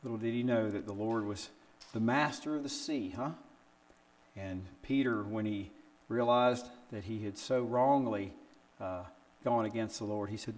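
Older male preacher telling stories animatedly. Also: unhurried. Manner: animated storytelling with rhetorical questions; acts out quotes with big pitch jumps. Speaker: pastor. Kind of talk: sermon.

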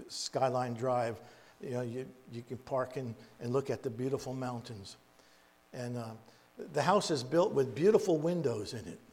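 A man preaching in a storytelling way, halting and repeating words, with folksy asides. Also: medium pitch, darkish tone. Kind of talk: storytelling Bible teaching. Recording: long echoey reverb.

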